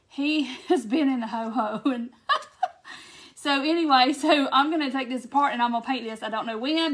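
A woman's voice: high voice, fairly bright tone. A woman hosting a casual crafting livestream, chatting to viewers by name as she paints. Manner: chatty, drawn-out Southern "y'all" talk, greets viewers by name. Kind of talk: casual live crafting chat. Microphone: phone or camera mic on a livestream.

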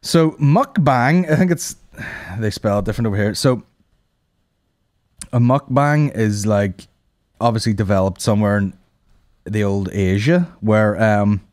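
A man's voice: fairly low pitch, a little slow, pauses often, darkish tone, dry recording, clean studio sound. A man hosting a comedy podcast, ranting casually with plenty of swearing and laughing at his own jokes. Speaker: podcast host.

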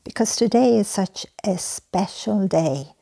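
A middle-aged woman making a heartfelt spoken appeal for a children's charity, soft-spoken and earnest, often slipping into breathy whispers. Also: medium pitch, lively intonation, unhurried.

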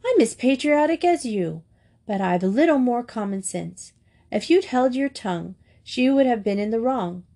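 A woman's voice: mid-range voice, lively intonation, takes it slowly, warm tone. Casting: woman reading a level-headed schoolgirl who scolds with heat, storybook. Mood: scolding. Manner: heated, scolding. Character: sensible, sharp-tongued English schoolgirl.

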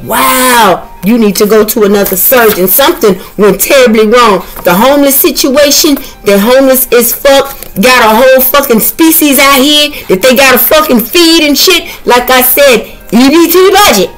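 A woman's voice: sits high, moderate pace, hardly any pauses, soft background music, low-quality recording. A woman doing a tarot reading in a brash, comedic way, swearing constantly and hurling colorful insults. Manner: profane, trash-talking, animated. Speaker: tarot reader.

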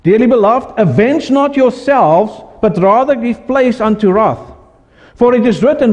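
A man's voice: extremely high pitch, big pitch swings, moderate pace, a little mellow, long reverb tail. A man preaching a sermon as pastor, asking his congregation questions as he goes.

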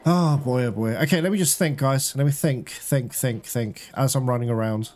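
A man's voice: mid-range voice, moderate pace, a little mellow, slight background noise. A man giving casual let's-play commentary, chatting to his viewers, laughing and swearing often. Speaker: gaming streamer.

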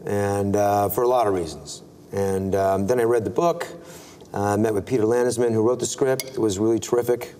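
A man's voice: fairly low pitch, moderate pace. A man in his forties, an actor telling stories as an interview guest, acting out dialogue with lots of fillers and restarts. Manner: animated, acts out dialogue with many "I'm like" quotes; filler-heavy, restarts often. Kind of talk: casual storytelling in an interview. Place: TV studio, seated at a table.

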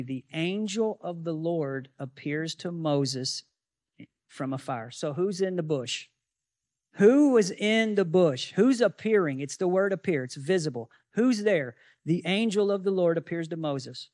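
A man's voice: on the high side, expressive, measured pace, a little mellow, dry recording, clean studio sound. A male pastor preaching a sermon, teaching from scripture with many rhetorical questions to the congregation.

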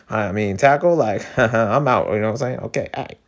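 A man reading a webcomic aloud, breaking in with excitable, laughing asides. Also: on the low side, moderate pace. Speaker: reader of a webcomic.

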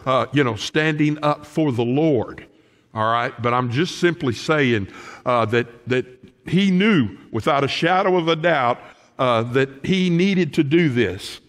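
A male pastor preaching a sermon in a church, animated and folksy, with frequent asides to the congregation. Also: medium pitch, measured pace, long reverb tail. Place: church sanctuary.

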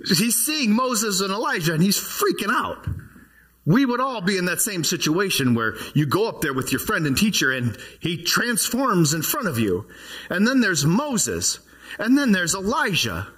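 A man preaching in a church in a relaxed, conversational way, often asking his congregation questions. His voice sits a little high and swings widely in pitch. It has a husky edge. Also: normal speed. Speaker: pastor. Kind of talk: sermon.

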